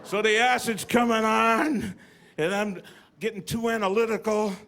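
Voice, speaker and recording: A man performing a stand-up comedy routine, telling stories and acting out voices with deadpan punchlines. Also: sits high, moderate pace. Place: comedy stage with live audience. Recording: live audience, noisy room.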